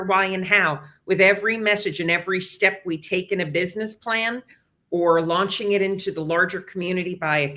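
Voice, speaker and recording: A man speaking as a communications advisor on a panel, giving steady, list-like advice. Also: high-pitched. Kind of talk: panel discussion.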